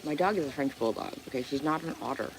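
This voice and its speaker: A woman's voice: low voice, quick pace. A woman hosting a casual baking livestream from home, talking bluntly and swearing freely as she chats with viewers. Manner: blunt, swears freely, talks to her dog and chat. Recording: loud background noise.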